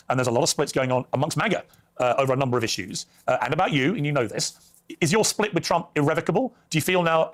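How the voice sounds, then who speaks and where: Brisk male TV interviewer, probing, rapid delivery. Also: mid-range voice. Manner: probing, pointed questions. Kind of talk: broadcast interview.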